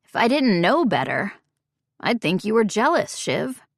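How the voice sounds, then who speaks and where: Brief: woman reading sly, teasing young man, slow and smooth, dry close sound. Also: medium pitch, sing-song, dry recording, heavily acted. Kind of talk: audiobook character voice.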